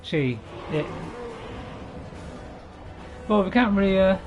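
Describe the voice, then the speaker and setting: A man's voice: sits high, animated, takes it slowly, dull audio, soft background music. A man giving casual gameplay commentary, rambling and correcting himself with chuckling asides. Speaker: gaming channel host.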